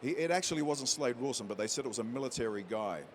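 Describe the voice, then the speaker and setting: A man in an interview, telling a story with plenty of life and slipping into the voices of the people in it. His voice sits in an ordinary middle pitch for a man. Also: quick pace, a little hiss or hum. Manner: lively storyteller who acts out quotes. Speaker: interview guest, actor. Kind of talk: animated anecdote telling.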